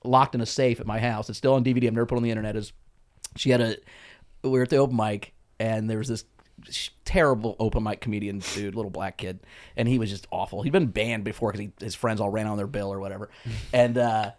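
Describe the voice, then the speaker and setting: A man casually telling comedy club stories on a podcast, lively and laughing, slipping into other people's voices. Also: fairly low pitch, fast talker. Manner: animated storyteller, jumps into voices of others, laughs often.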